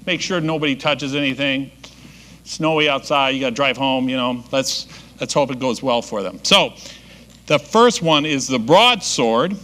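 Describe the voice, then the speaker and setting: A man's voice: mid-range voice, moderate pace, pushed and bright. Jokey, rambling male emcee. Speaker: master of ceremonies. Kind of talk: joke-telling emcee patter.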